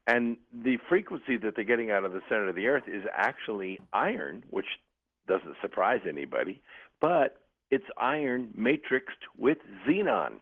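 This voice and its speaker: A man's voice: fairly low pitch, big pitch swings, normal speed. A man calling in as a radio guest, explaining things with enthusiasm and the odd filler word. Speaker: guest on a phone line. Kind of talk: radio interview by phone. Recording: tinny phone line.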